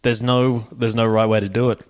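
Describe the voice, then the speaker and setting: A comedian chatting loosely on a podcast, rambling, swearing and laughing often. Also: male voice, medium pitch, level tone, fairly quick, smooth. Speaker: comedian guest. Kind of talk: casual podcast chat.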